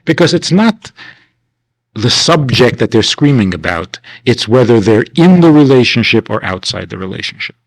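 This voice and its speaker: A man, a rabbi, teaching a class in a conversational way, asking rhetorical questions and acting out questioners in sudden high voices, on an archival 1990s class recording. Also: very animated, normal speed, poor audio. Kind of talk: animated classroom lecture.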